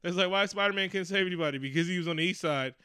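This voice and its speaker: A man's voice: high-pitched, racing, pushed and bright, clear, resonant tone, no room sound, clean studio sound. A man co-hosting a casual movie chat, ranting profanely and acting out mock quotes. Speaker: podcast co-host.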